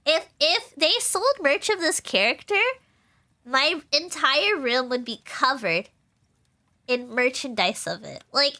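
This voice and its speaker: A young woman streamer chats casually about her life, rambling through stories with plenty of fillers and giggles. Her voice sits high and bright, and her pitch bounces up and down animatedly. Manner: rambling and chatty, with frequent fillers and laughs. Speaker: VTuber streamer.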